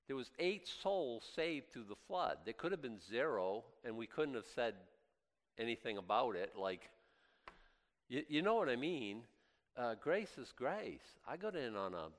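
A man preaching a sermon as pastor, impassioned and swinging from loud highs to quiet asides, often stammering and restarting. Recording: long hall reverb.

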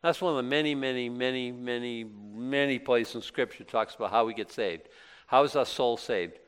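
A man's voice: medium pitch, moderate pace, smooth. Man preaching a conversational sermon. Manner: conversational, rising to emphatic bursts then dropping soft; asks the congregation questions and answers them himself. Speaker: pastor.

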